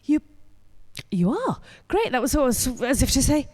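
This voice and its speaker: A woman's voice: sits high, sing-song, normal speed, darkish tone. Brash, sweary woman compere. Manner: brash, sweary, teasing the audience. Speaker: comedy compere. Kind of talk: stand-up crowd work. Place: live comedy venue before an audience.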